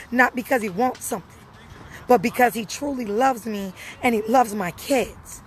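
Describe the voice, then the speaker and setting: A woman's voice: on the high side, moderate pace, slight background noise, rough recording. A young woman speaking casually and earnestly to her viewers, repeating phrases for emphasis. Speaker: live streamer answering viewers. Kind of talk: casual personal talk.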